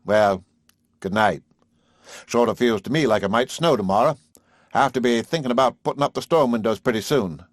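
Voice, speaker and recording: A man's voice: medium pitch, normal speed, dry recording, studio quality, natural voice. A man reading an audiobook, voicing an easygoing, practical small-town husband who talks in a folksy, casual way.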